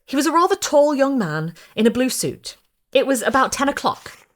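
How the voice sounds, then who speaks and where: A woman's voice: high-pitched, big pitch swings, moderate pace, pitched above the performer's own voice. A woman voicing an anxious, pleading young bride. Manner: pleading, breathless, politely desperate. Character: anxious young woman searching for her missing groom.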